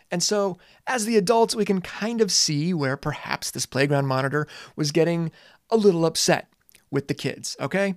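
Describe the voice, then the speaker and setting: A man in his forties, a teacher and parent, talking earnestly and casually with dramatic pauses and some swearing. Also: on the high side, lively intonation, no room sound, studio quality. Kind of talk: reflective monologue.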